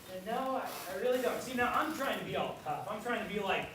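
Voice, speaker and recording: A man leading a kids church sermon, telling stories with animated quoted voices and quizzing the children. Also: high voice, quick pace. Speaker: children's pastor. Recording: very echoey room, voice from far off, noisy.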